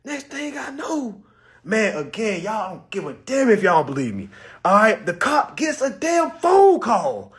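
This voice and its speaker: A man telling a personal story to his viewers in a casual, animated, profane way, calling them y'all. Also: high voice, measured pace. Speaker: vlogger.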